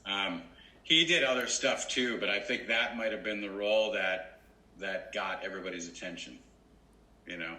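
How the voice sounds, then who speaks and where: A man's voice: on the low side, moderate pace, pushed and bright. A man coaching an actor on a video call, explaining in an easygoing way with lots of fillers. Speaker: acting coach. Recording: roomy video call with faint ambience.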